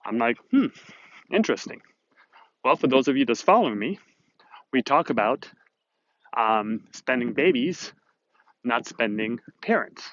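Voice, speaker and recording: A man's voice: medium pitch, animated, unhurried, long pauses, fairly bright tone, no echo, lo-fi sound. A man hosting a motivational video series, talking to the camera in a chatty, upbeat way and rambling a little as he retells a conversation. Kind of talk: casual talking-to-camera monologue. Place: Southern California.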